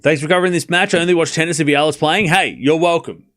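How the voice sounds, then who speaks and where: A man calling a tennis match live for his stream, calling out the score and chatting with his viewers in a casual, excitable way. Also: fairly high pitch, fast talker. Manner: excitable, calls the score, chats with viewers, shouts at big points. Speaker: streamer doing live tennis watchalong commentary.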